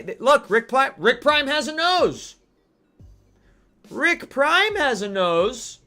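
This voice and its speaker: Male stream host, sharp bright tone, animated mock-outraged rants. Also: sits high. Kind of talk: live-stream gaming commentary.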